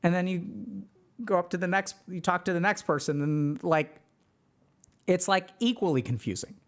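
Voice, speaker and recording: A man with a high voice speaks at a moderate pace to a live chat, casually giving emphatic advice. He uses many "like" fillers and short acted-out quotes of other people.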